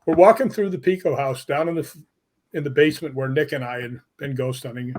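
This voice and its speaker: A man telling stories as a guest on a live online show, animated and laughing as he goes. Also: medium pitch, fairly quick, a little hiss or hum. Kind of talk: casual storytelling.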